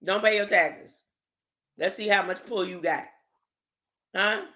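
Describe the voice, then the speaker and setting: A religious commentator talks casually and emphatically on a livestream, often throwing out "huh?" to the audience. Documents are read aloud slowly, broken up by slangy asides. The voice has a bright, sharp edge at a middling pitch.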